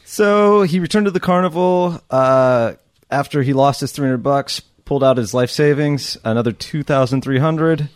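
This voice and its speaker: A man co-hosting a comedy podcast, reading out a news story in halting bits. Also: mid-range voice, no echo, studio quality.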